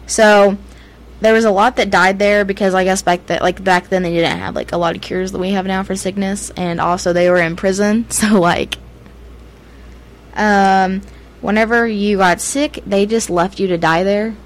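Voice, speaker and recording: A woman's voice: mid-range voice, steady tone, moderate pace, poor audio. A young woman with a Southern US accent talks casually on a podcast, laughing often as she rambles through her points. Her voice sits in an ordinary middle register, and her sentences are loose and full of fillers. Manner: giggly, filler-heavy, rambling. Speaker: podcast co-host. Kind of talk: casual chat about ghost stories.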